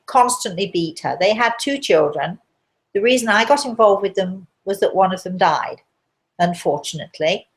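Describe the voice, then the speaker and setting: Chatty woman telling a story on a live show. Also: medium pitch. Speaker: host.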